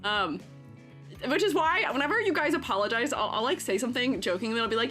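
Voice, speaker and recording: Giggly, lively high-voiced woman streamer. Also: quick pace, soft background music. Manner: giggly, rambling, full of "like" fillers. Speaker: streamer and art teacher. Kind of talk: casual live-stream chat.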